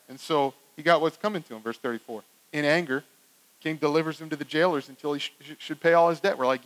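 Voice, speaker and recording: A man preaching a sermon as pastor, emphatic and animated, swinging from loud to hushed and repeating words as he builds up. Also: fairly high pitch, quick pace, low-quality recording.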